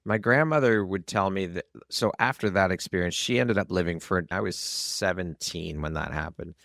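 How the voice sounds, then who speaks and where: Gravelly deep-voiced man in his fifties. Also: normal speed, fairly bright tone, dry recording, studio quality. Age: 50s. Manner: listens with short agreements, asks questions. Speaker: podcast host. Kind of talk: casual interview.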